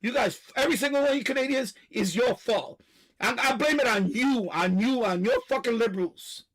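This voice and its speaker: A man with a strikingly high voice rants on a live stream, loud, coarse and repeating himself. He drives each point with shouted outbursts and runs short of breath. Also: brisk, low-quality recording. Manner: loud, profane, repetitive ranting. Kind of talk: ranting live stream monologue.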